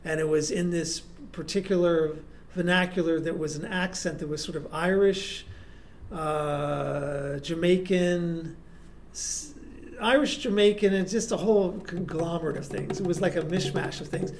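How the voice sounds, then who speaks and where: A man, a guest performer, telling casual anecdotes in an animated way with frequent restarts. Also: fairly high pitch, a little slow, a little hiss or hum. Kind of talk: casual storytelling.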